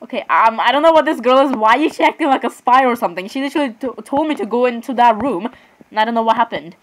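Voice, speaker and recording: A young woman chatting excitedly as she comments on her own gameplay, often saying sorry and literally. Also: on the high side, fast, poor audio. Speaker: gamer.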